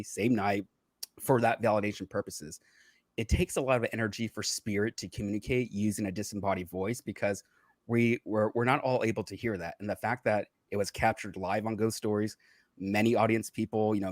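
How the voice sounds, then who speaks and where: A man speaks as a podcast guest, explaining at a calm, unhurried pace. He leans on fillers as he talks things through. His voice sits a bit low, recorded dry and close. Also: dry recording. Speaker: psychic medium guest. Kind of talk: casual explanatory chat.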